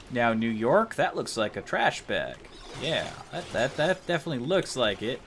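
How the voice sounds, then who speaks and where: A man's voice: medium pitch, very animated, normal speed, few pauses, a bit bright, slight background noise. An American man streaming a game, chatting casually in a joking, rambling way with frequent laughs and casual swearing. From United States. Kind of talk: casual gaming livestream chat.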